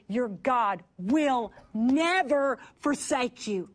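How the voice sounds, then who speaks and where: A woman preaching a sermon through a lively personal story, laughing often and dropping to a hush at key points. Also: a little high, slow. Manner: animated, laughing, drops to a hush for emphasis.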